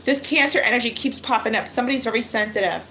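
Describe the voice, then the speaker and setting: High-voiced woman doing a tarot livestream. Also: fast, bright, forceful tone, slight background noise, poor audio. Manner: thinks aloud, repeats phrases, asks spirit questions. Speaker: tarot reader. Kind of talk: live-streamed tarot reading.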